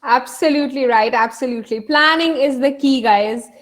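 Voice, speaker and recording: High-voiced woman moderating a panel. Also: normal speed. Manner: affirming, repeats phrases. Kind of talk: moderating an online session.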